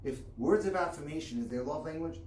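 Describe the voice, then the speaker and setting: A male rabbi giving an earnest, measured teaching on marriage, with pointed emphasis on key words. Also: on the high side, darkish tone, slight background noise. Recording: echoey room, distant mic.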